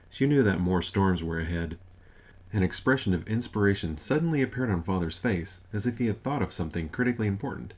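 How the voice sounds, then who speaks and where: Low-voiced male narrator, dry wry read of a comic novel. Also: darkish tone. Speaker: audiobook narrator.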